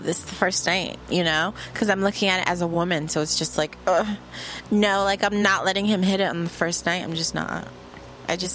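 A woman's voice: medium pitch, a bit bright, a little hiss or hum. A woman in a casual, profane solo monologue from her room, brash and boastful, mixing playful trash talk with laughter.

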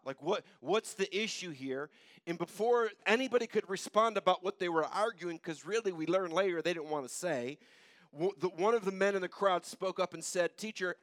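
A male pastor delivers a sermon in a casual, conversational way, putting scripture into plain everyday speech. His fairly high voice swings from loud, urgent passages to hushed, low ones. The recording is dry and close, with little room sound. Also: no room sound.

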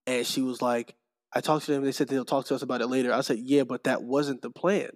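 A young man telling a story in casual chat, acting out the people in it with lively quoted voices. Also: medium pitch, fairly quick. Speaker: podcast guest, streamer.

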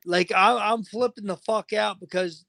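A man's voice: high voice, fairly even intonation, normal speed, creaky, sharp tone, no room sound. A man guest on a podcast interview, agitated and venting, swearing constantly. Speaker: fighter guest.

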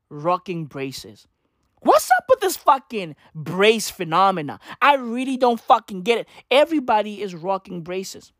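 A woman's voice: mid-range voice, no echo, clean studio sound. A woman giving a casual commentary rant, sarcastic and full of slang and swearing, who keeps asking "right?". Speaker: commentary vlogger.

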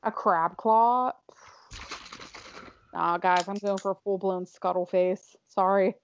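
A young woman co-hosting a casual makeup chat, excitable and bubbly, on a dull lo-fi recording. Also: medium pitch, slight background noise. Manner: excitable, bubbly, quick to laugh. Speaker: co-host.

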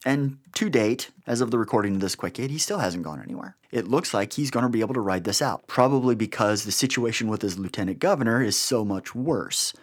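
A man's voice: on the low side, expressive, brisk, few pauses. A man hosting a podcast, giving blunt, sarcastic political commentary with an exasperated edge. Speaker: podcast host.

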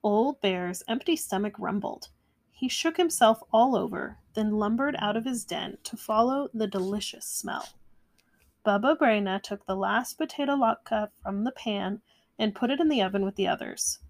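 A woman reading a children's picture book aloud in a gentle, measured way. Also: medium pitch, animated. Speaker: storyteller. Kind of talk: storybook read-aloud.

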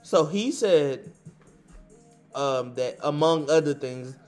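A man's voice: on the high side, lively intonation, takes it slowly, a little mellow, faint music behind. A man in a casual sports debate who relays reports in loose slang and talks over the other man.

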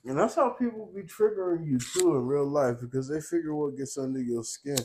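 A young man co-hosting a podcast, telling stories in a casual, profane, streetwise way and constantly asking "you know what I'm saying", getting loud and laughing when fired up. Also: a little high, brisk, a little hiss or hum. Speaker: podcast co-host. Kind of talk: casual chat.

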